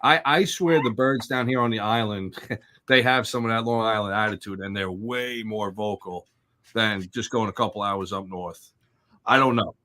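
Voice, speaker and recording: A man's voice: fairly low pitch, moderate pace, sharp tone. A man co-hosting a casual podcast chat, easygoing, laughing along and rambling through asides. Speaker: co-host.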